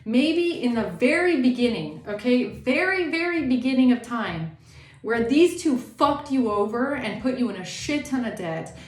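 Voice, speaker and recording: Tarot lady ranting, kinda high voice, swears a lot, echoey room. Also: lively intonation, moderate pace. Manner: blunt, indignant, swears freely. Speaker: tarot reader. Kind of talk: tarot reading monologue.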